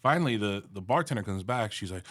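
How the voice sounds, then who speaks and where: A man with a low voice that swings up and down a lot as he hosts a loose podcast chat. He asks blunt, joking questions and tells his own stories in a relaxed, salty way. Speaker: podcast host. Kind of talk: casual chat.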